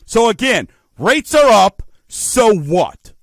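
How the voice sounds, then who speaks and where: A man's voice: high-pitched, expressive, a little slow, a bit bright, no room sound. A middle-aged man hosting a radio talk show about mortgages, folksy and emphatic, asking rhetorical questions. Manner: folksy, addresses listeners as folks.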